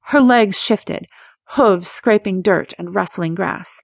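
A woman narrating a romance audiobook in a measured, expressive reading. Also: lowish voice, gravelly, breathy edge, dry recording, clean studio sound. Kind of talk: scripted narration.

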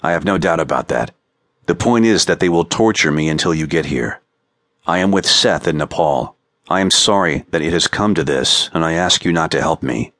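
A captive woman speaks slowly and clearly, holding herself together, as a male narrator reads her part. The voice sits low and the sound is dry and close. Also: fairly bright tone, no echo. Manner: slow, clear, composed speech. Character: captive woman pleading steadily on video.

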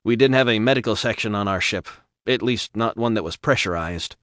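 A man's voice: lowish voice, a little fast, fairly bright tone, no room sound, clean studio sound, lightly acted. A man voicing a scruffy, blunt male officer in an audiobook. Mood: incredulous.

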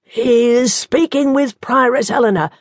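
A woman reading the part of a mild, good-humoured young monk from London, speaking gently and wryly. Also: very high-pitched, unhurried, no room sound, clean studio sound, voice pushed up. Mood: gentle.

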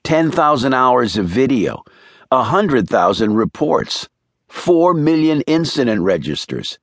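A man's voice: mid-range voice, sing-song, dry recording, studio quality, voice pushed up, full character voice. A man voicing a nervous, earnest young male analyst around thirty in an audiobook thriller. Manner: quick, earnest explaining. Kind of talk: audiobook character voice.

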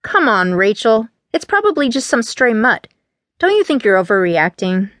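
A woman's voice: fairly high pitch, very animated, normal speed, fairly bright tone, no echo. A woman reading an audiobook voices a careless, teasing teenage boy in a voice close to her own. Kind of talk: audiobook character voice.

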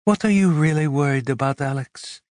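A man's voice: a little high, brisk, a little mellow, no echo, clean studio sound, voice pushed up, close to an everyday voice. A male audiobook narrator voicing an intense, impatient but caring woman, raising his voice and speaking with urgency. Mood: insistent. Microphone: close studio mic.

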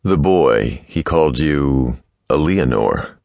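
A male narrator voicing a stern Viking warlord who speaks low, measured and commanding. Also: animated, vocal fry, a little mellow, dry recording, heavily acted. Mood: probing.

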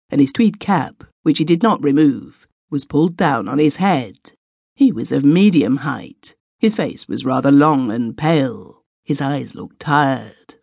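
A woman narrating a classic short story in a measured, expressive audiobook reading. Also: a bass voice, creaky, husky, dry recording, studio quality. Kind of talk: scripted literary narration.

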